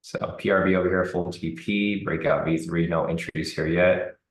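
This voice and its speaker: A man giving relaxed live commentary on a trading chart, thinking aloud with fillers. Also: deep voice, moderate pace, reverberant, poor audio. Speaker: trading streamer.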